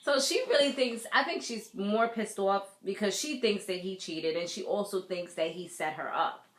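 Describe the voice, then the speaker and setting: A woman recapping a TV episode in casual chat, animated, laughing often and acting out the characters' lines. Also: mid-range voice, moderate pace, hardly any pauses, reverberant. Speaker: TV recap vlogger. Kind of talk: casual recap with acted-out quotes.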